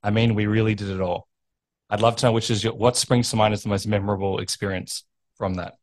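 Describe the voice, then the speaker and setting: A man hosting a podcast interview, enthusiastic and quick to laugh and affirm the guest. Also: on the low side, fairly even intonation. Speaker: podcast host. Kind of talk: casual interview.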